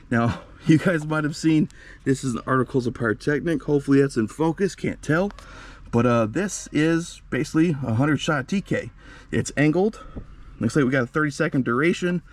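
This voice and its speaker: A man's voice: medium pitch, a little mellow. Chatty young man, winded in the heat. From Midwest US. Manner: chatty, enthusiastic, many fillers. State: out of breath from the heat. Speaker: fireworks channel host. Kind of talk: casual vlog showing products. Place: outdoors by a storage shed.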